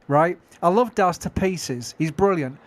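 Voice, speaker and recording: Chatty Yorkshire man, slightly high voice. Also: animated, a little slow. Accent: Yorkshire English. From England. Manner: chatty, self-mocking, laughs often. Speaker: livestream commentator. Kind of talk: casual livestream chat.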